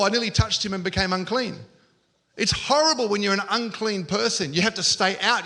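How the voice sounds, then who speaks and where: A man preaching a lively storytelling sermon. His voice sits high and bright. He keeps slipping into the voices of the people in his story. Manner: storytelling, acts out quoted lines. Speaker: pastor.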